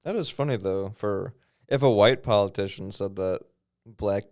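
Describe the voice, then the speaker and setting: Low gravelly man with dry sarcasm. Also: moderate pace, a little mellow, dry recording. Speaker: podcast co-host. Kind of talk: casual chat.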